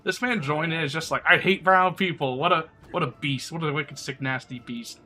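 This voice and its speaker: Sick male streamer with a bright voice. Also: on the high side, fairly quick. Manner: crude, rambling, laughing often. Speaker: live streamer. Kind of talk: casual live stream chat.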